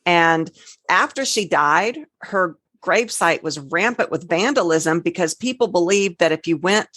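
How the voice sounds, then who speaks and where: Podcast co-host, woman, lowish voice, dry close sound, chatty storyteller. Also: expressive, measured pace, fairly bright tone, no room sound. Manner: chatty storyteller, spells words out, trails off. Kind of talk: casual podcast chat.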